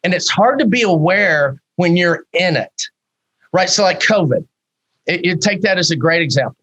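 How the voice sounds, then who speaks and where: In a rough recording, a man in his fifties, a psychologist appearing as a podcast guest, speaks at a moderate pace in a high-pitched voice. He comes across as candid and animated, asking many rhetorical questions.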